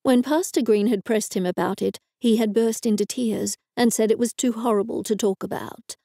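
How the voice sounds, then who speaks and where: Aussie woman reading an audiobook, gravelly low tone, dry close sound. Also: moderate pace, dark tone, no echo. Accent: Australian. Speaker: audiobook narrator. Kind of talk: scripted narration.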